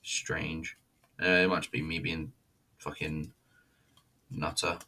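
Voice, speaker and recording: A man's voice: extremely low pitch, level tone, takes it slowly, sharp tone. A man giving a casual, rambling, profane and self-mocking review of a wrestling show. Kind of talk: casual solo review commentary.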